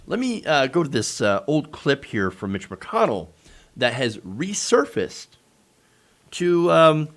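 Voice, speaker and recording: Sarcastic man, lively swinging pitch. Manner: sarcastic, mocking. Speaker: political commentary host. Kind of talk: casual political commentary.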